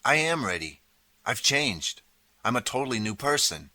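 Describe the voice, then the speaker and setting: A man's voice: mid-range voice, very animated, moderate pace, bright, forceful tone, pitched above the performer's own voice, full character voice. A man voicing a desperate, eager boy who keeps pleading to be believed. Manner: pleading, earnest.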